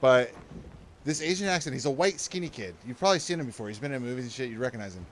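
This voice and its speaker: A man's voice: medium pitch, lively intonation, fast, a little hiss or hum. A man streaming a game and chatting with friends, telling rambling stories with lots of laughter and swearing. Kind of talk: casual gaming stream chat.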